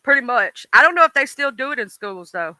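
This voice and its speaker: Livestream host, male, Mississippi Deep South accent, folksy and rambling, very bright voice with a smooth, clean tone. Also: expressive, brisk, dry recording. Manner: rambling, folksy, talks straight to chat by name. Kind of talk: casual livestream chat with viewers.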